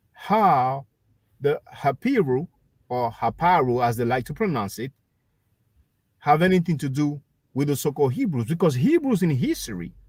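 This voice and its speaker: A man hosting a livestream, calmly explaining history and addressing his listeners as brothers and sisters. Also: on the high side, slightly rough, no echo, studio quality. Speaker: livestream host. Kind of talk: casual history discussion.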